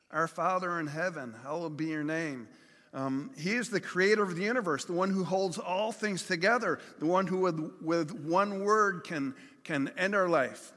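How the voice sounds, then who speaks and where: A man's voice: on the high side, a bit bright. Man preaching in a reverberant hall. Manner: conversational preaching with hypothetical examples and acted-out pleas. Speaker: pastor. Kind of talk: sermon.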